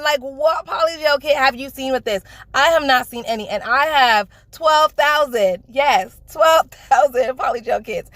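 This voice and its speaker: A woman from the Bronx, loudly and gushingly unboxing a nail kit in a sing-songy voice. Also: high-pitched, no room sound. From the Bronx, New York. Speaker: nail beauty vlogger. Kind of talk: excited product unboxing.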